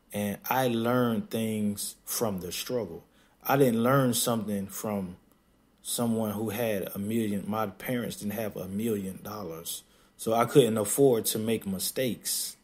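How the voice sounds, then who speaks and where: A man hosting a podcast in a casual monologue, blunt and emphatic, laughing often and acting out others in quick mocking asides. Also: fairly low pitch, darkish tone. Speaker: podcast host.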